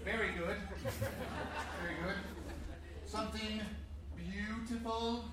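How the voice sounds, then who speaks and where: A man's voice: high voice, steady tone, takes it slowly, noisy background. A man on stage ordering and teasing his audience with bossy, laughing commands. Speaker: stage comedian doing crowd work. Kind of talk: live audience interaction. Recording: echoey hall from far off, loud crowd.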